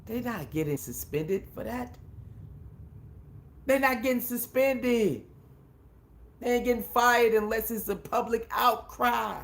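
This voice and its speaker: This commentary channel host has a very high, slightly bright, gravelly voice and speaks slowly with frequent pauses. He's casual and emphatic, full of slang, and tends to repeat himself.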